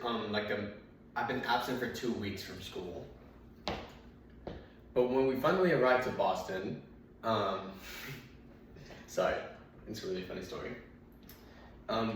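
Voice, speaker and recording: A man doing stand-up, telling rambling anecdotes full of fillers and restarts. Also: lowish voice. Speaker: stand-up comedian. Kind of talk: stand-up storytelling. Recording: very echoey room, mic far off, faint noise.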